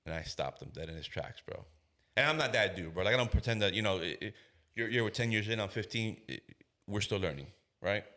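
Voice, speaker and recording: A man's voice: fairly low pitch, a little fast. A man in his thirties, a police officer, telling a story on a podcast in casual slang and acting out the voices of the people in it. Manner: animated storyteller who acts out quoted voices.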